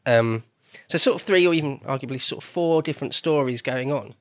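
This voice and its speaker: A man's voice: mid-range voice, brisk. A man hosting a casual podcast conversation, talking in a loose, rambling way and often correcting himself. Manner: chatty, rambling, self-correcting. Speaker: podcast host. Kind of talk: casual chat.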